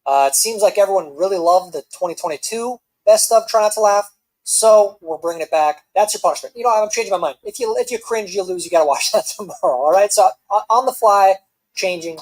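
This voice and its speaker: A man's voice: sits high, fairly quick, poor audio. A man hosting a reaction video with sarcastic, mocking commentary. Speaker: host.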